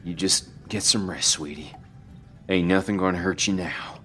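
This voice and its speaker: A man doing a gruff, soft-spoken tough guy. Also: deep voice, steady tone, normal speed, faint music behind. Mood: tender.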